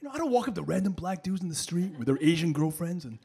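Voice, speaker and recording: Animated male stand-up comedian. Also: fairly high pitch, quick pace, gravelly. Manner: animated storytelling, acting out voices. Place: comedy stage with laughing audience.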